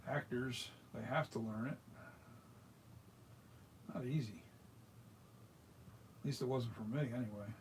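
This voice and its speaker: Demonstrating mask making in his workshop, a US man chats casually in a hands-on tutorial, rambling and restarting often. He has a mid-range voice, speaks a little slowly with frequent pauses, and slight background noise is audible.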